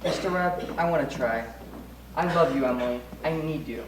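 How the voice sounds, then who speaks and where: A man's voice: fairly high pitch, natural voice. A young man in a school play, acting a nervous groom who pleads with his mother. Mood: earnest. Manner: hurried, anxious stage delivery. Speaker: student actor in a school play. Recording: distant stage voice, echoey hall, noisy.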